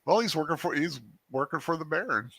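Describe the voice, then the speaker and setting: A man co-hosting a casual watch-along commentary, making relaxed, thoughtful remarks. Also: fairly high pitch, brisk, slightly rough, dry recording. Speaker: co-host.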